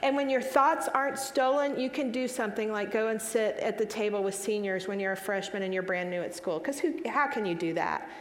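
A woman's voice: mid-range voice, fairly quick, hardly any pauses. Earnest woman speaker in an echoey hall. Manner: emphatic, earnest, repeats and restarts phrases. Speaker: speaker answering audience questions. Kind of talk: live Q&A talk. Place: hall with a live audience. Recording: echoey hall with long reverb.

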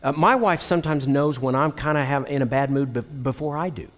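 A middle-aged man preaching a sermon to men, telling stories and acting out the lines of the people in them. His voice sits at an ordinary pitch for a man. It rings with the long reverb of a large hall. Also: brisk. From Texas. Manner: animated storytelling with acted quotes.

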